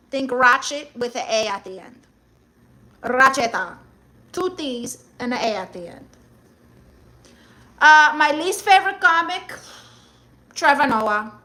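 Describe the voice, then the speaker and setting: On a comedy livestream, a woman plays a brash, toxic diva: blunt, dismissive and self-assured, scorn dripping from every line. Her high, bright voice cuts through as she reads chat and a self-help book, mixing Spanish words into her English. The performance is heavily acted.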